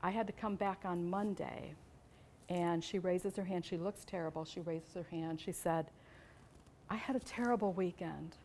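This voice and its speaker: A woman giving an animated storytelling talk to an audience about teaching teenagers, asking questions and rising to emphatic peaks. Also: on the low side, moderate pace, a little hiss or hum. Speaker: abstinence educator speaking to a church group.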